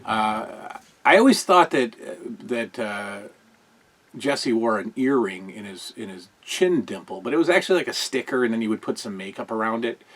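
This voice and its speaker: A man's voice: mid-range voice, very animated, moderate pace, fairly bright tone. A man hosting a show, chatting casually as he reviews old wrestling broadcasts, rambling with lots of fillers and amused asides. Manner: amused, often chuckling.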